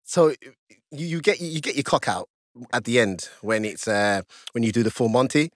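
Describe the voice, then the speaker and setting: A man guest on a podcast, telling a story in casual chat, laughing often and jumping high in pitch as he acts out his own panic. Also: lively intonation, normal speed, no echo, studio quality. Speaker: podcast guest, stripper and fighter.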